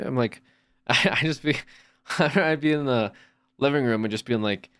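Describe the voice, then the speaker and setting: A man's voice: medium pitch, moderate pace, long pauses, a bit bright, clean tone. A man streaming from home, chatting casually in a rambling way with lots of restarts and swearing. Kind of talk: casual chat.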